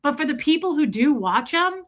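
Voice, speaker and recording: A woman's voice: high voice, normal speed. A woman hosting a casual livestream, reading viewer comments and telling stories with frequent laughter. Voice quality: chatty, laughs often, animated storytelling. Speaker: livestream host.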